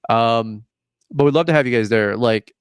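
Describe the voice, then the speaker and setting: A man's voice: medium pitch, normal speed, clear, resonant tone, no room sound, studio quality. A man hosting a casual podcast, telling stories with lots of laughter and acting out both sides of conversations. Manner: joking storyteller, acts out quoted exchanges; laughs often. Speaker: podcast host.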